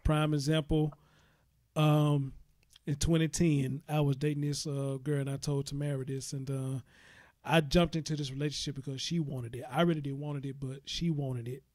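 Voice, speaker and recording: A man's voice: fairly high pitch, flat delivery, normal speed, a little mellow, no echo, studio quality. A man hosting a casual talk show, giving frank opinions in a preachy, conversational way. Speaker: host.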